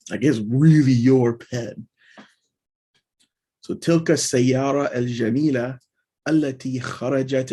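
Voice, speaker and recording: A man's voice: mid-range voice, a little mellow. Male language tutor, mid-range voice, casual and explanatory, reads lines aloud then unpacks them. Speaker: language teacher.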